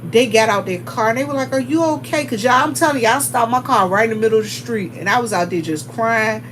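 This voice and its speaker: A woman's voice: fairly high pitch, fast talker, fairly bright tone, slight background noise. Chatty woman greeting viewers. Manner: chatty, talks straight to viewers and greets them by name. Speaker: livestream host. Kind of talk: casual livestream chat with viewers.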